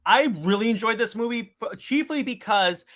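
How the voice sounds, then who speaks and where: Bright-voiced young man, eager podcast co-host. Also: high voice, lively intonation, moderate pace. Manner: enthusiastic, rambling with many restarts. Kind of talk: casual movie review chat.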